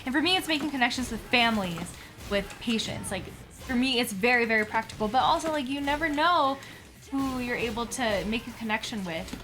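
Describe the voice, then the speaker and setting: A woman's voice: a little high, brisk, a bit bright, faint music behind. Bubbly, chatty woman doctor. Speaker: pediatric doctor in training. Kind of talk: casual chat on a live stream.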